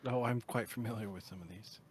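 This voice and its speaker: A man playing a character at a tabletop game, speaking in a measured, mildly formal way. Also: lowish voice, slight background noise. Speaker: player.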